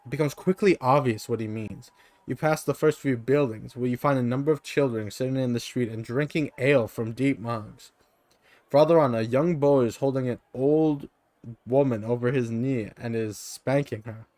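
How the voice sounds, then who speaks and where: A man's voice: medium pitch, moderate pace, a little mellow, dry recording. Man narrating a gamebook on stream. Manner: plain narration with offhand asides. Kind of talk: reading an interactive gamebook aloud. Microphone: streaming microphone.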